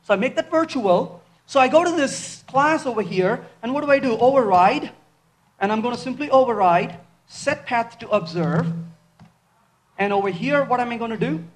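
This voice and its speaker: A man's voice: very high-pitched, normal speed. Man lecturing in an echoey hall. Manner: lively, quizzes the audience with rhetorical questions. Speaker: conference speaker. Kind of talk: live technical talk with live coding. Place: large conference hall.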